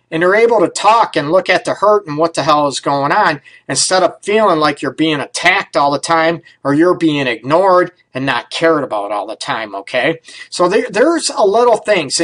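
A male counselor giving relationship advice on his radio show, in a loose, conversational way. His voice sits a touch higher than most men's. He keeps checking in with "right?" and "you know" and is not shy about a mild curse. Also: a bit bright, poor audio. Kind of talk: casual radio advice talk.

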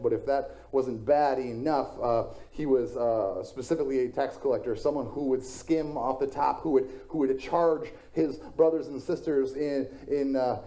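Dark-voiced male pastor preaching conversationally. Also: medium pitch. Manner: conversational storytelling with self-deprecating jokes. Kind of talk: sermon.

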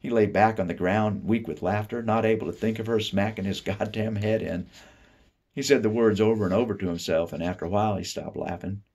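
A man from the Appalachian United States reading a short story aloud, with expressive delivery that drops soft and low for inner thoughts. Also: brisk, gravelly, breathy edge. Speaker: reader.

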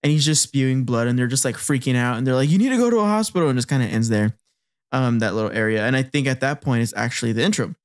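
This podcast co-host recaps an anime in a casual chat, laughing often and acting out character lines. His medium-pitched voice is expressive and quick.

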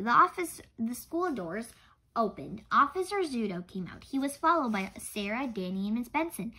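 Lively storybook reader, woman, bright voice with lots of rise and fall. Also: fairly high pitch, normal speed, husky, rough recording. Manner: animated, with small slips and self-corrections. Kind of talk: reading a children's book aloud.

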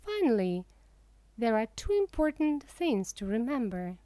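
Slow, careful woman audiobook reader. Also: on the high side, big pitch swings, mellow, dry recording. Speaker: audiobook narrator. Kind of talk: slow audiobook reading for English learners.

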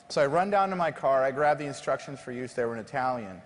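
A man being interviewed on a conference stage as a company founder, telling lively self-deprecating stories. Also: medium pitch, brisk. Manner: animated, self-deprecating anecdotes. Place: large conference stage before an audience. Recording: long reverb of a large hall.

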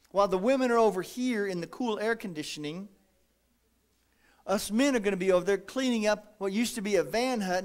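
A man preaching a folksy, animated sermon as pastor, acting out little quotes. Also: high voice.

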